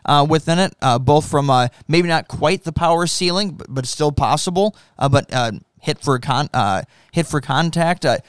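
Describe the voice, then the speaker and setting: Male co-host, halting and thoughtful delivery, smooth clean tone. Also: on the high side, no echo, clean studio sound. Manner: halting, many fillers and restarts. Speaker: podcast co-host. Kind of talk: casual sports chat.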